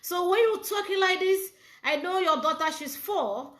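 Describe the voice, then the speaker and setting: High, bright-voiced woman host; halting live interview, echoey room. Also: expressive. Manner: halting, repeats questions.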